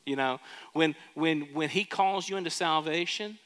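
A man's voice: a little high, normal speed, a bit bright, smooth. A man preaching a sermon as pastor in a church, telling a story and asking the congregation questions. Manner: storytelling, asks the crowd questions. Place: church sanctuary. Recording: long church reverb.

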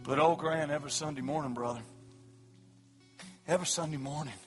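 A man preaching an evangelistic sermon at a church service, his delivery swinging from hushed pleading to loud shouting. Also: a little high, fairly quick, soft background music. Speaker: pastor.

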